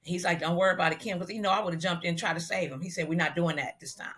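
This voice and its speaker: A middle-aged woman from Los Angeles tells a long personal story as an interview guest. Her voice comes across bright and forceful, and she acts out the voices of the people in it. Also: lowish voice, very fast. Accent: Southern California African American Vernacular. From Los Angeles, USA. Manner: animated storyteller who acts out quoted dialogue. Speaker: guest, celebrity hairstylist.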